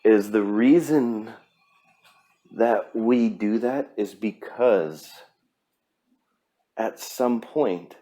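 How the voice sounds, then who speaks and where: A man's voice: lowish voice, extremely slow, long pauses, dark tone. A man hosting a podcast, giving a blunt, profane pep talk in a casual monologue. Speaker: podcast host.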